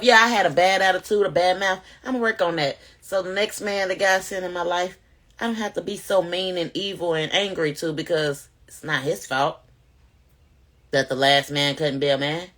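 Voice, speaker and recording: Woman, casual testimony to camera, animated and preachy, bright tone. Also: fairly low pitch, fairly quick. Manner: animated, preachy, addresses viewers directly. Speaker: vlogger sharing testimony.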